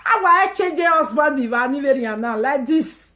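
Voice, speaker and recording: A woman speaking Nigerian Pidgin English, hosting a casual live stream and ranting emphatically and mockingly, with loud outbursts and low asides. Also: lively intonation, moderate pace. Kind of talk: animated casual rant.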